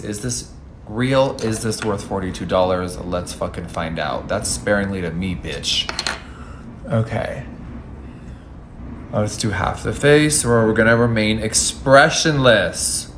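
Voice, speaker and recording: A man in his thirties with a lowish voice reviews makeup in a casual vlog, with background noise audible. He's campy, sassy and profane, swearing freely and letting out lively exclamations.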